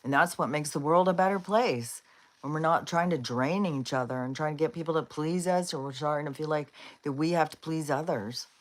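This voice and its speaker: A woman with a low voice talks fairly quickly while hosting a live stream, rambling casually with frequent fillers and laughs. Between thoughts she chats to her dogs in a coaxing voice.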